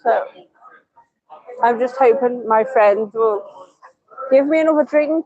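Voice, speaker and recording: A woman's voice: on the high side, slow, mellow, lo-fi sound, slight background noise. A woman chatting on a live stream. She rambles with lots of fillers and restarts. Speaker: vlogger. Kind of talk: casual live-stream chat.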